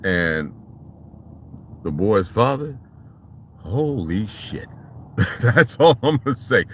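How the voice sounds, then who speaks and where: A man telling a story in a casual vlog monologue, animated and profane, in street slang. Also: on the low side, slow pace, pauses often, a little hiss or hum. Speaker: vlogger.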